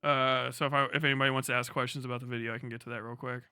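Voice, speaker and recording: A man's voice: mid-range voice, little pitch movement, rapid-fire, pushed and bright, clear, resonant tone, no echo, studio quality. A man streaming live, chatting casually with his audience in a rambling, profane way. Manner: rambling, profane, laughing asides.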